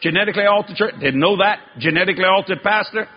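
A man preaching a sermon, telling a story in a folksy way with y'all and ain't, swinging from loud exclaiming to low hushed tones. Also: fast, highs cut off, slight background noise. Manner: folksy Southern-style speech with y'all and ain't.

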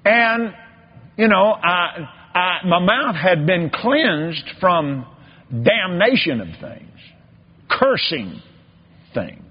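A man's voice: high voice, big pitch swings, very slow, long pauses, breathy edge. A man preaching a folksy sermon, telling a story and drifting into repetitive, drawling preacherly emphasis. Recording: dull lo-fi sermon recording.

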